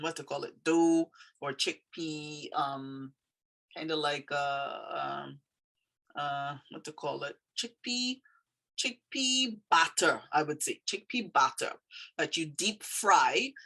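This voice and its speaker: A woman with a Trinidadian accent talks through the meaning of her own poem. Her voice sits low, and she speaks in an easygoing way, often stopping to hunt for the right word. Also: a bit bright. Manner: thoughtful, pauses to search for words. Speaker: poet explaining her poem. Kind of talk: casual explanatory talk.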